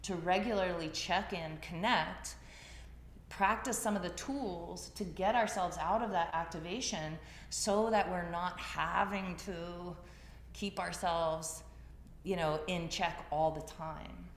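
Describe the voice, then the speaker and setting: Lower-voiced woman teaching in an echoey room. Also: slow, a little hiss or hum. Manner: conversational storytelling. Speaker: yoga teacher. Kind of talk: class talk. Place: class room. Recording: echoey room, faint ambience.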